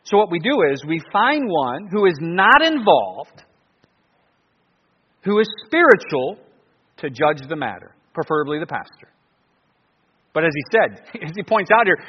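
A male pastor preaching a sermon in an animated way, full of rhetorical questions and frequent restarts. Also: fairly high pitch, normal speed, breathy edge. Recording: dull, lo-fi recording with long reverb.

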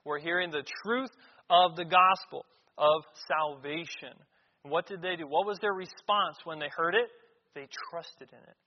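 A man's voice: fairly high pitch, normal speed, big-room sound, muffled recording. A man preaching a sermon in a church, reading scripture aloud and explaining it with emphatic repetition.

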